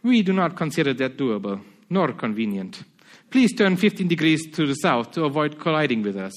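A preacher plays a stubborn Spanish lighthouse keeper: put-on Spanish accent, raised voice, loud and unbudging. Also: male voice, a little high, normal speed. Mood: firm. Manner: loud, insistent, mocking calm. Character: defiant Spanish lighthouse keeper, adult man. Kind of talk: reading a story aloud in a sermon.

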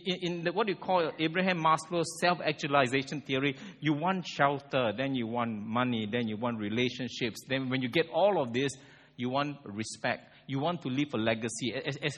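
A man preaching a sermon, conversational and animated, asking the congregation rhetorical questions. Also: medium pitch. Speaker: pastor. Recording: long hall reverb.

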